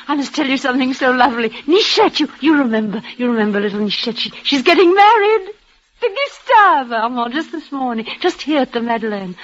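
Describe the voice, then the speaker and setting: An actress in a vintage radio drama playing a frail young woman dying of illness, tender and devoted, who talks in breathless, halting bursts and restarts her words. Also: a little high. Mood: joyful. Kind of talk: 1940s radio acting. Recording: lo-fi old radio broadcast.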